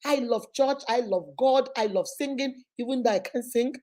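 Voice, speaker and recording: Nigerian woman, high voice, mellow tone, animated storytelling, acts out family quotes. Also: moderate pace. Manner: drops Igbo words into speech. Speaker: motivational vlogger. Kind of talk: personal storytelling monologue.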